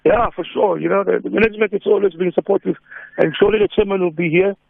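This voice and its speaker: High gravelly South African coach on phone. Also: male voice, steady tone, fast talker, no echo. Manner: laughing, mixes English with isiZulu. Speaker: football coach. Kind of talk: phone interview. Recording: tinny phone line.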